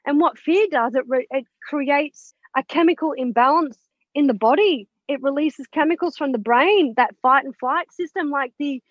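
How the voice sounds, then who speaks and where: This interviewee, an author and mentor, has a high-sitting voice and shares her story in a casual, storytelling way. She acts out the dialogue with animation and doesn't shy from mild cursing. The recording is lo-fi, dull and dry, with no echo.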